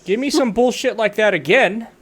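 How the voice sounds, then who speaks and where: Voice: medium pitch, normal speed, fairly bright tone, breathy edge, voice pushed up. A game master doing a barking drill-sergeant War Master. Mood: stern. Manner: barking, commanding.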